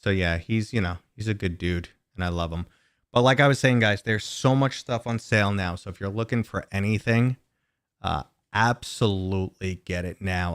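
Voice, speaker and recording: Brief: low-pitched male streamer, chatty and rambling, dry close sound, home setup. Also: clear, resonant tone, dry recording. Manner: rambling, chatty, talks to viewers and his dog. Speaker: gaming livestream host. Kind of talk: casual livestream chat.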